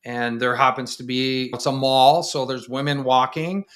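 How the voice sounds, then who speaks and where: Guy counselor hosting a chat, blunt and direct, mid pitch, does little voices for people he quotes. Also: little pitch movement, normal speed, a bit bright. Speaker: podcast host, counselor. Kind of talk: casual conversational interview.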